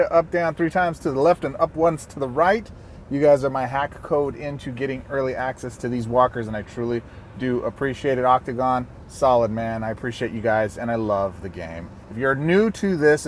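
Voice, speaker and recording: A man's voice: mid-range voice, lively intonation, a little fast, a little hiss or hum. A man hosting a playful video review of a mobile card game, full of jokey, self-mocking asides.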